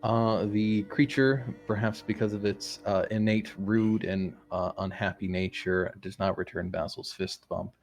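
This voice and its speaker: A man's voice: lowish voice, steady tone, soft background music. A man narrating a tabletop game as dungeon master, hesitant with many fillers. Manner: halting, frequent "uh" fillers.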